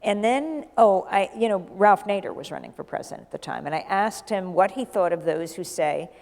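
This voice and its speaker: A middle-aged woman journalist, a guest in an onstage conversation, telling a lively anecdote and acting out the dialogue. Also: medium pitch, normal speed, gravelly. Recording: long hall reverb.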